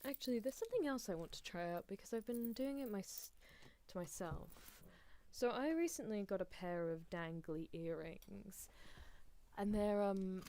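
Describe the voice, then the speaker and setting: A woman on an ASMR stream, rambling in a soft voice and giggling often. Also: mid-range voice, normal speed. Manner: rambling, giggly, self-deprecating.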